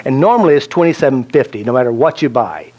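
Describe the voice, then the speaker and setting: A man's voice: medium pitch, lively intonation, fast talker, mellow. A man teaching a self-help seminar, telling anecdotes and joking, asking the audience questions. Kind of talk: live seminar talk to an audience.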